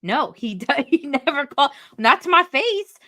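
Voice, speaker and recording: Bright, animated woman storyteller. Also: sits high, normal speed. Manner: animated storyteller, laughs often. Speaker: podcast co-host. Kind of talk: casual chat.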